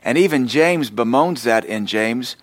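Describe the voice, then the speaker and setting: Male pastor, middle pitch, conversational teaching sermon, dry close recording. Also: animated, a little slow, no echo. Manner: conversational preaching with self-deprecating stories.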